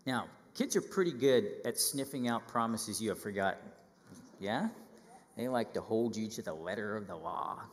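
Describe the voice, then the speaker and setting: Animated preacher man in a hall. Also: lowish voice, moderate pace. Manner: lively, acts out quoted voices, asks listeners questions. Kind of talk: children's sermon.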